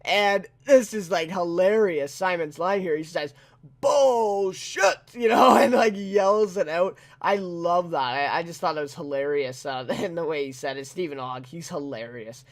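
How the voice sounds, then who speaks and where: High-voiced man rambling through a review. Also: moderate pace, hardly any pauses. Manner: rambling, heavy on fillers and tag questions; chuckles often while talking. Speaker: TV episode reviewer. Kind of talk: casual spoken review.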